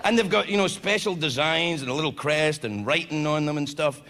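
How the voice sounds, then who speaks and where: A man doing a stand-up comedy set, loud, animated and heavily profane in his delivery. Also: on the high side, a little fast. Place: comedy venue before an audience. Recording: live club with crowd and noise.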